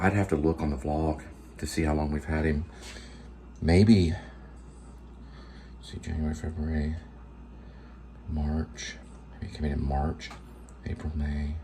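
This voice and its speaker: A man with a very low voice chats in a loose, rambling way, leaning on filler words as he eats on camera at home. Faint noise sits under his voice. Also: a little mellow. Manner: rambling, easygoing, many "like" fillers; talks while eating. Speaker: vlog host. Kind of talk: casual cooking and pet vlog.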